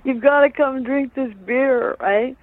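A man voicing a tipsy, excited young man calling home from abroad, eager and laughing between lines. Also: drawn-out words, dry recording, heavily acted. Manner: breathless, laughing, high and eager. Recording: tinny phone line.

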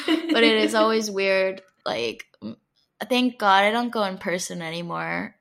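A woman's voice: mid-range voice, very animated, measured pace, creaky, a bit bright. Chatty woman in her twenties. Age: 20s. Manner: chatty, many "like" fillers and self-conscious asides. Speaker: podcast co-host. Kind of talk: casual chat.

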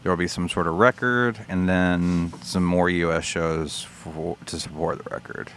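A man's voice: deep voice, fairly even intonation, unhurried, a bit bright, slight background noise. A man co-hosting a podcast, reading listener mail and chatting casually, laid-back and joking, with casual swearing. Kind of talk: casual chat.

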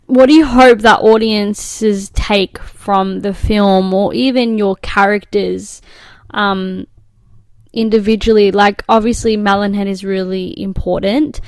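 A woman's voice: mid-range voice, no room sound. Upbeat woman host, dry close sound. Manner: enthusiastic, encouraging, asks rambling follow-up questions. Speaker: podcast host. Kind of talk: casual interview chat.

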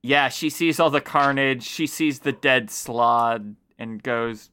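A man narrating as game master of a tabletop fantasy game, relaxed and laughing often. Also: mid-range voice, slow pace, hardly any pauses, smooth.

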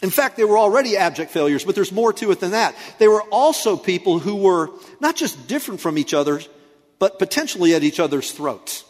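A man's voice: high-pitched, sing-song, a little fast, big-room sound. A man preaching a sermon as pastor, conversational and lightly humorous. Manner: conversational preaching with playful asides.

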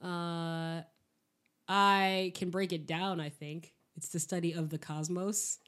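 A woman chats casually on a podcast while sick, her voice husky. She rambles, hesitates and pokes fun at herself. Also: on the low side, fairly even intonation, slow, a bit bright. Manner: hesitant, self-deprecating, rambling. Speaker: podcast co-host. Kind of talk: casual chat.

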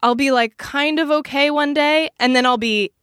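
A woman's voice: high-pitched, normal speed, no room sound, studio quality. A woman co-hosting a podcast from a small recording booth, frankly and animatedly describing her pregnancy in casual chat. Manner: frank and animated, lots of likes. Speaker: podcast co-host.

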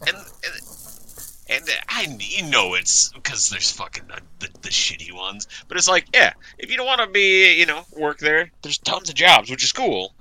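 A man's voice: on the high side, very animated, normal speed, pushed and bright, dry recording. A man in a casual chat, laid-back, swearing and calling people "man" and "dude".

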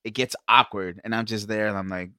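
A young man on a casual podcast telling animated stories, acting out quotes and swearing a lot. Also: on the low side, a little fast, clear, resonant tone, no room sound, clean studio sound. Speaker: podcast co-host.

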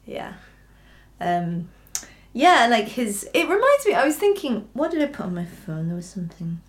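A woman's voice: a little high, big pitch swings, normal speed. A woman guesting on a podcast at home, chatting casually with frequent laughs and fillers. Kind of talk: casual chat. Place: home room.

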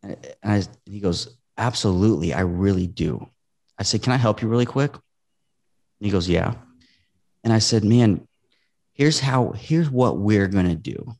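A man's voice: fairly low pitch, moderate pace, pauses often. A man talking casually on a podcast as a real estate investor guest, telling stories earnestly and acting out the quotes. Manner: earnest, animated storytelling with acted-out quotes.

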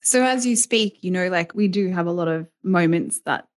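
A woman's voice: on the low side, moderate pace. A woman from Australia's east coast with an Australian accent, a podcast guest who talks in a dry, chatty way with frequent laughs. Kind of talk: casual interview chat. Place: Scotland, remote call.

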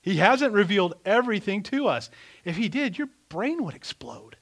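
A man preaching a sermon in an animated, conversational way, asking the congregation rhetorical questions. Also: high voice, normal speed. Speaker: pastor.

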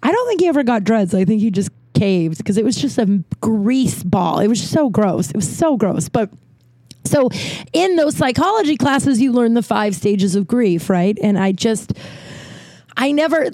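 Picture a hoarse woman in her forties hosting a podcast, rambling through a story in a chatty, swear-filled way. She acts out the people she quotes. Her tone is mellow and warm, and the recording is dry and close, with no room sound. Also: mid-range voice, no echo. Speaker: podcast host. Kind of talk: casual storytelling monologue.

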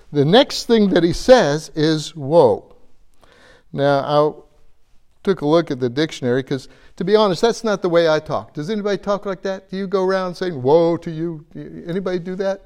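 A man's voice: on the high side, moderate pace, darkish tone. A man preaching a conversational sermon, earnest, asking his listeners questions and repeating phrases for emphasis.

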